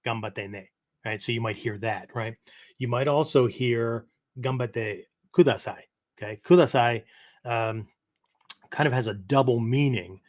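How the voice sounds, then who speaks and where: This middle-aged American man hosts a martial arts podcast, and his voice is mid-range with a measured pace. He explains phrases in a casual, rambling teaching style, correcting himself as he goes and tagging nearly every sentence with "right?" or "okay?".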